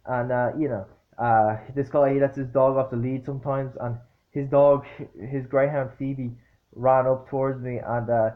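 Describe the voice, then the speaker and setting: A man's voice: medium pitch, fairly even intonation. Rambling man with a lo-fi sound. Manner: rambling, halting, full of fillers and restarts; blunt, swearing, exasperated retelling. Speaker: vlogger. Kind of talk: casual anecdotal storytelling. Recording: dull lo-fi recording.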